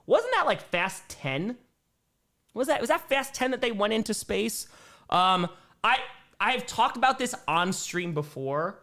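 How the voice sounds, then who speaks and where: A man's voice: very animated, a little slow, sharp tone. A man in his thirties, a streamer reading chat questions aloud and chatting loosely in a casual live Q&A. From Wisconsin, USA. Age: 30s. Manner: chatty, reads chat aloud and riffs, talks to his cats in a high baby voice.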